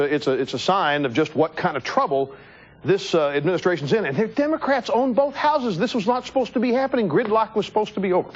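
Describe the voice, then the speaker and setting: A man hosting a TV talk show, delivering an animated, joking political monologue in the studio and talking to his crew. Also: sits high. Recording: dull lo-fi TV broadcast.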